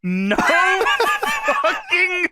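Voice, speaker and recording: A man's voice: very high voice, big pitch swings, extremely slow, bright, forceful tone. A man co-hosting a podcast, chatting casually about old wrestling shows, laughing often and swearing freely. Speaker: podcast co-host. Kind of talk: casual wrestling recap chat.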